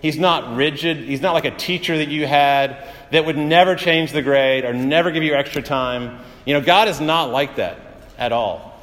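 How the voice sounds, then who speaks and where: A man's voice: on the high side, normal speed, a bit bright, big-room sound. A man preaching a sermon as pastor, in a conversational way with frequent "uh" fillers and vivid everyday examples.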